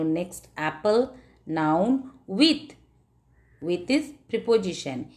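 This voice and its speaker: A woman teaching an English grammar lesson, explaining slowly and deliberately in non-native phrasing and stressing words hard in her example sentences. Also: on the low side, darkish tone. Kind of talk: classroom-style grammar lesson.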